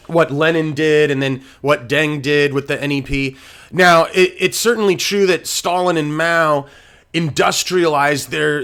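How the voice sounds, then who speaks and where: A man hosting a casual political debate, relaxed and easygoing, laughing easily. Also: on the high side. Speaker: debate host.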